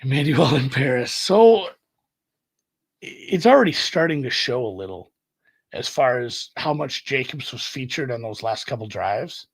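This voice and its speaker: A man's voice: medium pitch, very animated, normal speed, a bit bright. A man hosting a podcast, casually thinking aloud about sports bets as he checks the odds. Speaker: podcast host. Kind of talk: casual solo sports betting talk.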